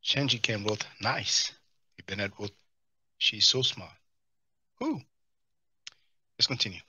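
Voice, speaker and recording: A man's voice: fairly low pitch, slow pace, husky, dry recording. A man hosting a live stream, reading chat and mocking the video clips he plays. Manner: mocking, animated, answers chat comments.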